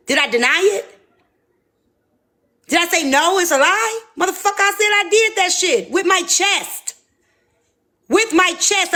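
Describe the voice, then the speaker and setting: Host, woman, high bright pitch, brash and cursing freely, unscripted livestream talk. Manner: brash, profane, defiant. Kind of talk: casual livestream chat.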